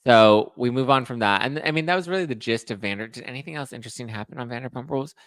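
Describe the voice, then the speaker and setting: A man's voice: mid-range voice, fast, fairly bright tone, no echo. A man hosting a podcast, chatting casually and with sass while recapping reality TV. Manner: chatty and sassy, acts out quotes. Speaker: podcast host.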